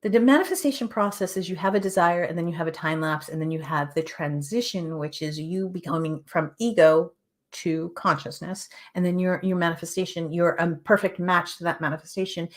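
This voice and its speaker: A woman with a fairly low-pitched voice hosts a show, delivering a motivational spiritual talk in an earnest, emphatic way. She repeats phrases and now and then drops to a soft whisper. She sounds like an adult with children.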